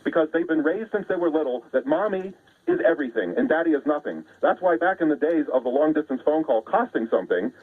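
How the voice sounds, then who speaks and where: A man's voice: a little high, animated, fast talker. A man, a guest calling in to a radio show, lecturing in an assertive way over the phone. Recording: tinny phone line.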